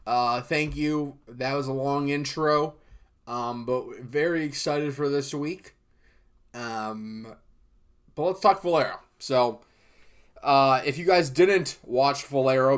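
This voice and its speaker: A young man hosts a golf podcast on his own, voice pitched in the middle range. He rambles in a loose, easygoing way, breaking off sentences and filling gaps with lots of "uh" and "um". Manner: loose and rambling, many fillers and restarts. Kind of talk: casual solo podcast chat.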